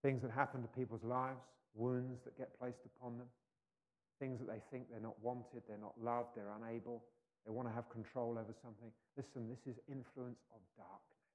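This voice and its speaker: A male preacher giving a sermon, swinging between loud proclamation and hushed intensity. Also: mid-range voice, flat delivery, a little fast. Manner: mocking taunts when acting out scripture scenes. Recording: long hall reverb.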